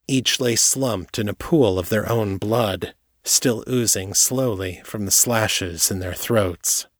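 Low-voiced man narrating an audiobook. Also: takes it slowly, no room sound, studio quality. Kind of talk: scripted narration.

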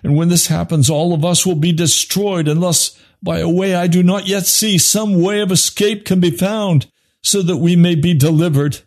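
A man preaching an impassioned sermon, swinging from low grave tones to high urgent pleading. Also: steady tone, normal speed.

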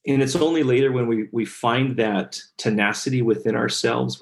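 A middle-aged man, a guest speaker and author, telling stories in an earnest, heartfelt way during a podcast interview. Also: lowish voice. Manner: earnest, animated storyteller, gets choked up.

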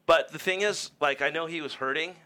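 A man's voice: on the high side, a little fast, sharp tone. A man in a studio radio talk show, arguing bluntly and swearing in exasperation. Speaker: racer guest. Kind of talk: heated studio radio banter.

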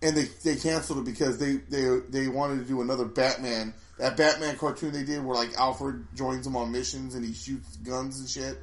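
A man's voice: mid-range voice, fairly even intonation, normal speed, few pauses, echoey room. A man casually chatting as a podcast co-host, rambling with many restarts. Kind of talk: casual chat.

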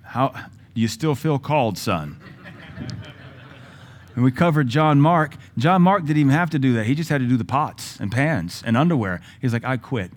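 A man's voice: mid-range voice, expressive, moderate pace. Blunt sarcastic Southern preacher man. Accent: Southern American. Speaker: pastor. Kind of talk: sermon.

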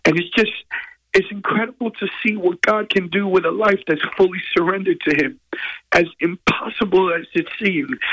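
A man, a guest musician, telling a personal story in an earnest, halting, emotional way from a hotel room. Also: a little high, bright, forceful tone, poor audio.

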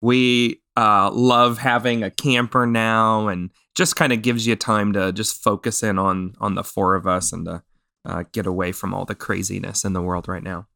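A man's voice: fairly low pitch, level tone, normal speed, gravelly, bright, forceful tone, dry recording, studio quality. A man hosting a podcast, chatting casually and telling stories with many restarts and fillers. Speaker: podcast host.

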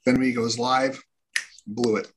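A man's voice: mid-range voice, flat delivery, a little slow, slight background noise. A man co-hosting a podcast, reading listener comments in a matter-of-fact way. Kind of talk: casual podcast banter.

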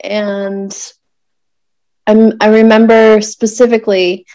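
A woman in her thirties telling a personal story in conversation, emotional and searching, with many pauses and fillers. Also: medium pitch, level tone, mellow, no room sound. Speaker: guest telling a birth story.

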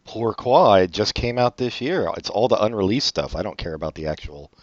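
A man co-hosting a casual podcast chat, sarcastic and teasing, often trailing off quietly. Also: on the low side, lively intonation, brisk, no echo. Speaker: podcast co-host. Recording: dull lo-fi audio.

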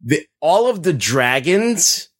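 A man's voice: a little high, sing-song, slow. A man co-hosting a casual podcast, rambling through movie recaps with frequent swearing and laughter. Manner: rambling, profane, laughs while talking. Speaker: podcast co-host. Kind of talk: casual chat.

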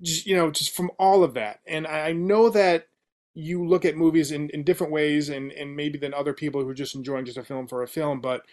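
A man's voice: on the high side, fairly even intonation, a little fast, a little mellow. A man hosting a podcast interview, enthusiastic and casual, peppering his questions with "like" and "man". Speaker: podcast host. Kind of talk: conversational interview.

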